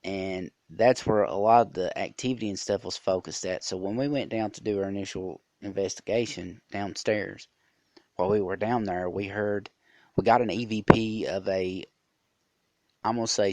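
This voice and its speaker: Low-voiced man hosting a podcast. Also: steady tone, normal speed, darkish tone, no room sound. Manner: rambling, with many fillers and restarts. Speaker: podcast host. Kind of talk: casual storytelling monologue.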